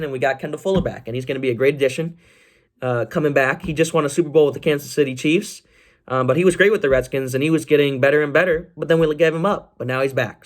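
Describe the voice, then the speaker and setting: A young man hosts a casual solo sports podcast in a slightly high voice. He rambles excitably, with lots of fillers and restarts.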